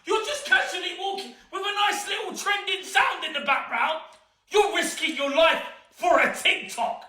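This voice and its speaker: A man hosts a reaction video, exclaiming loudly and laughing at what he sees. His voice sits very high and comes across piercingly bright. He is heard from a distance in an echoing room. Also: expressive, normal speed. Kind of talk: reacting to clips. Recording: roomy and off-mic.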